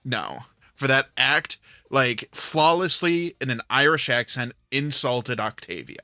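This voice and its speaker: A man's voice: medium pitch, a little slow, bright, forceful tone, dry recording, clean studio sound. A man hosting a livestream, telling a rambling story in casual chat with plenty of filler words. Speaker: livestream host.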